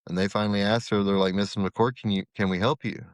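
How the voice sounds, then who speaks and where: A man's voice: lowish voice, quick pace, dry recording, clean studio sound. A middle-aged man, a podcast guest and former corrections officer, telling a story in conversation and acting out the dialogue. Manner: animated, acts out quoted dialogue.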